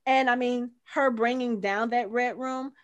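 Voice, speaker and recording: A woman's voice: fairly high pitch, a little slow, highs cut off. Chatty woman talking through a movie. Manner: chatty, animated, acts out quotes from the film. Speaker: podcast co-host. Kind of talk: casual movie discussion.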